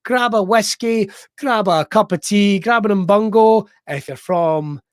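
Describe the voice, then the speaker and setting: A Scottish man hosting a podcast with a bright, high voice. He talks like an upbeat showman and cracks jokes. The sound is close and dry. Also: measured pace, clear, resonant tone, no room sound. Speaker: podcast host. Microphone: remote call.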